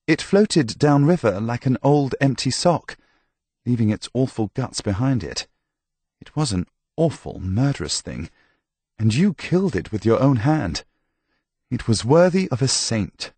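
A man voicing a kindly, gently wry priest who reassures a sick patient. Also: mid-range voice, big pitch swings, measured pace, husky, no echo, pitched above the performer's own voice, exaggerated voice. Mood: praising.

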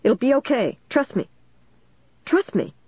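A woman's voice: on the high side, big pitch swings, measured pace, a little mellow, husky, dry recording, muffled recording, pitched above the performer's own voice, exaggerated voice. A woman voicing a tense teenage boy who gives urgent, clipped orders in a storybook reading.

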